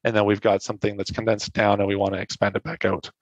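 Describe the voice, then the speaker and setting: A man with a fairly low voice gives a casual technical lecture, often stopping to rephrase and fill gaps with "uh" and "like". The recording sounds dull and lo-fi, and it is dry, with no room echo. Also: completely flat delivery, quick pace. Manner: casual, self-correcting explanations with frequent fillers. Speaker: presenter. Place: online meetup talk.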